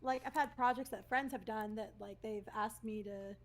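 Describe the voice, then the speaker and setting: Brief: young woman podcast guest, slightly high voice, relaxed and giggly. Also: normal speed. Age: young adult. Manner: easygoing, giggly, hedging with likes and ums. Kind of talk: casual podcast chat.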